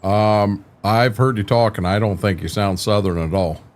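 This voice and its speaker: A man's voice: on the low side, normal speed. An older man hosting a livestream, chatting casually with viewers in a rambling way, restarting sentences often and cursing mildly. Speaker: livestream host. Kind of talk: casual chat while streaming a farming game.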